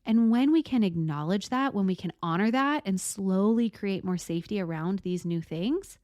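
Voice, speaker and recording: A woman hosting a solo podcast, talking in a gentle, thoughtful, reflective way and slowing down to stress words. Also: medium pitch, animated, dry recording, clean studio sound. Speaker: podcast host.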